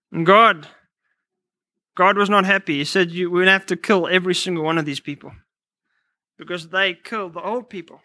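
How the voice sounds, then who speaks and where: A man delivers a sermon in a high, bright voice, mixing personal stories with scripture. He restarts phrases often and fills pauses with "uh." The recording is dry and close. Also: no echo. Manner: storytelling, quoting scripture, many restarts. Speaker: preacher.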